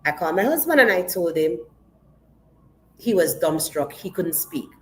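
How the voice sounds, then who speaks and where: A woman's voice: on the low side, very animated, moderate pace, a little hiss or hum, low-quality recording. A woman pastor sharing a personal testimony in an interview, telling it vividly and with emotion and acting out the dialogue.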